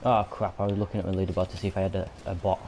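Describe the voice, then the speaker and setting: A lower-voiced man with a Yorkshire accent rants and swears as he plays a video game. He keeps up a running commentary that bursts into loud frustration. A faint hiss of noise sits behind him. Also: little pitch movement, racing. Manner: swearing, ranting, frequent angry outbursts. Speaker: gamer. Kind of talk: gaming commentary.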